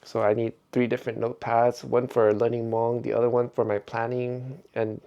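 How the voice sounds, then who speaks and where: A man's voice: medium pitch, little pitch movement, normal speed, creaky, dark tone, muffled recording. A middle-aged man vlogging in a rambling, reflective way, chuckling often as he talks. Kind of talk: casual vlog monologue.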